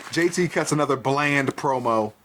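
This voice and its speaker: Dude co-hosting a wrestling podcast, swears and cracks up constantly, plays out promos. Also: male voice, mid-range voice, moderate pace, fairly bright tone, slight background noise. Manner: profane, laughs often, acts out wrestlers' lines. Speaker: podcast co-host. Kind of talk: casual wrestling review chat.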